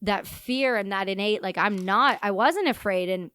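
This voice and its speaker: A woman from Canada, a guest on a podcast, telling animated stories full of casual slang. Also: medium pitch, moderate pace, smooth. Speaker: guest, army veteran.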